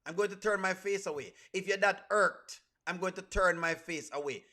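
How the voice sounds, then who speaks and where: A man with a Jamaican accent talks through a live reaction stream in a high voice. His tone is bright and ringing, and he is animated, slipping in and out of patois. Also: normal speed. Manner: animated, mixes patois with standard English.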